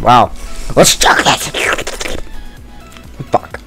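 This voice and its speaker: A man's voice: medium pitch, animated, slow pace, creaky, long pauses, fairly bright tone, soft background music. Tired, rambling young man gaming. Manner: rambling, chatty, swears, jokes at himself. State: tired, no caffeine. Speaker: gamer playing a murder mystery game. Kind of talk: casual let's-play commentary.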